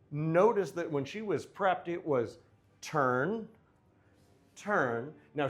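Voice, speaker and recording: Man, mid pitch, dance teacher counting steps aloud, jokey and chatty, miked in a studio. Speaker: dance instructor. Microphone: wearing a microphone.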